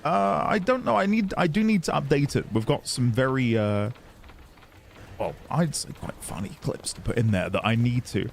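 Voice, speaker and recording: A man's voice: mid-range voice, lively intonation, normal speed, vocal fry, slight background noise. A man streaming a game, chatting casually while reading and greeting his viewers. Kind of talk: casual live-stream chat.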